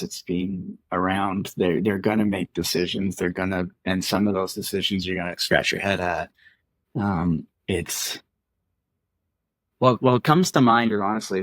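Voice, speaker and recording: Middle-aged male guest; very low voice, dry close sound, earnest and reflective, searches for words. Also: dry recording. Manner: earnest, thoughtful, many restarts and repeated phrases. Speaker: guest, former Olympic athlete; father. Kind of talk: reflective conversational interview.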